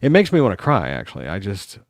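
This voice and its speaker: A man's voice: lowish voice, fast, vocal fry, no echo, clean studio sound. A middle-aged man from the United States hosting a live talk show, telling rambling stories and acting out what other people said. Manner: animated storytelling, acts out other people's lines. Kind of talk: rambling live-stream monologue.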